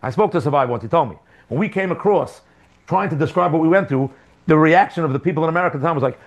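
A man giving a Torah class as a religious teacher, animated, with rhetorical questions and emphatic repetitions. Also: fairly high pitch, very fast, highs cut off.

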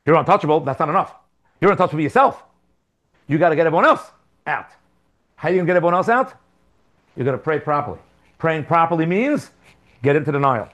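A man giving a Torah class as a religious teacher, animated, with rhetorical questions and emphatic repetitions. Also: fairly high pitch, fast, pauses often.

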